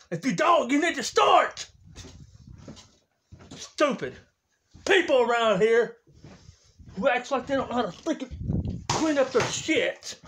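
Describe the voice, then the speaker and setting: A man doing a furious young man in a comedy skit, shouting his whole rant at a high pitch. He curses through every line. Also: full character voice. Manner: yelling, cursing rant.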